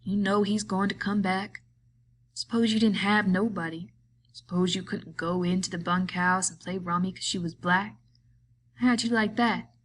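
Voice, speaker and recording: A woman voicing a bitter, lonely man who taunts a friend, in a slow, drawling rural way of talking. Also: medium pitch, fairly even intonation, slight background noise, natural voice. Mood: brooding.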